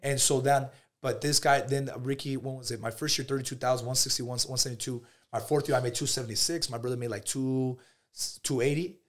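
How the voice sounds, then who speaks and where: A man in his thirties, a podcast guest, telling his story in casual chat, acting out the dialogue and calling everyone "bro". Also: mid-range voice. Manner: animated storyteller, acts out dialogue, says "bro" constantly.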